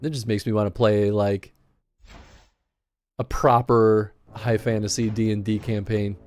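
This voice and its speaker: A man's voice: on the low side, flat delivery, a little slow, a little mellow, faint music behind. A man hosting a livestream, chatting casually in a rambling way while playing a game. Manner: rambling, with restarts and laughter. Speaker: livestream host.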